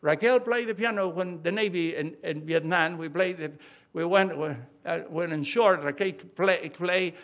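High-voiced older man preaching emphatically. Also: a little slow, a bit bright. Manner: emphatic, repeats key phrases, frequent restarts. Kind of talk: sermon.

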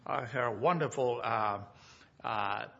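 A man giving church announcements in a halting way with many fillers, telling stories with animation. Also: medium pitch, gravelly, bright, forceful tone, lo-fi sound. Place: church sanctuary.

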